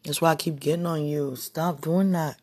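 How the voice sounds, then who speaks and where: A woman speaking an intimate spoken monologue, breathy and husky, often dropping into whispers and sighing exclamations. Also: low voice, fairly even intonation, moderate pace, a little mellow, no echo. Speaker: podcast speaker.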